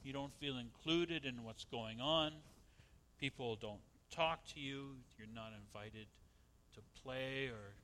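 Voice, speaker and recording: A man preaching a sermon to his congregation, swinging between loud dramatic outbursts and hushed asides. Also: mid-range voice, slow, a little hiss or hum. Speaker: pastor.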